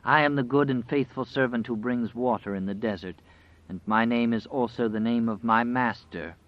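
A man's voice: mid-range voice, moderate pace, close to an everyday voice. A man voicing a taunting demonic wolf. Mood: gloating. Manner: taunting, gloating. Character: menacing demonic wolf, sly and boastful. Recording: dry, slightly dull recording.

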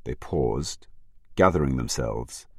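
Very deep-voiced male audiobook narrator. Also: lively intonation, slow, slightly rough, no room sound, clean studio sound. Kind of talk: scripted narration.

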